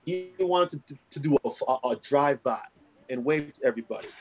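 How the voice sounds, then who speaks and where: A man co-hosting a casual podcast chat, telling stories in an animated, slangy way. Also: medium pitch, brisk, slight background noise, rough recording. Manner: animated storyteller, slangy, says "bro" a lot. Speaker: podcast co-host.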